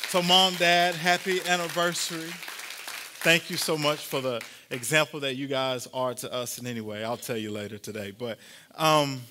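A man's voice: medium pitch, fairly even intonation, moderate pace, pushed and bright, slight background noise. A man preaching a sermon to his congregation, telling a family story in a conversational, playful way. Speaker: pastor.

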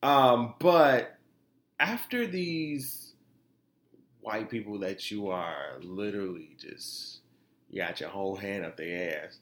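A man hosting a podcast, giving animated, profane commentary and laughing often. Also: on the low side, echoey room. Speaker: podcast host. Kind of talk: casual commentary.

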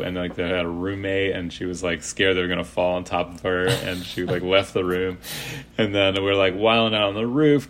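A man's voice: low voice, fairly bright tone, a little hiss or hum. A man in his thirties telling stories casually as a podcast guest, rambling with many fillers and restarts. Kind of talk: casual storytelling.

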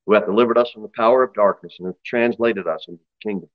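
A man's voice: fairly low pitch, fast, dry recording, dull audio. A man preaching an expository sermon in a church, emphatic and acting out story voices. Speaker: pastor.

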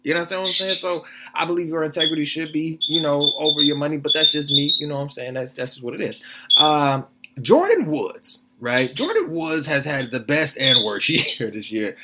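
A young man hosting a solo podcast, animated, blunt and profane, often asking if you follow him. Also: a little high, fairly quick, very noisy. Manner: animated, blunt and profane, keeps asking "you understand what I'm saying?". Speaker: podcast host. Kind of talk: casual solo podcast commentary.

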